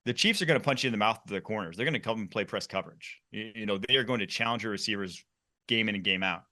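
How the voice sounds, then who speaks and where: Bright-voiced male sports show host. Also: fairly low pitch, racing. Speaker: podcast host.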